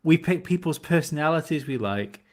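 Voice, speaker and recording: A man's voice: on the high side, expressive, normal speed, a little mellow. Rambling, laughing man. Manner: rambling, self-deprecating, laughs often. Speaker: podcast guest. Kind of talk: casual chat.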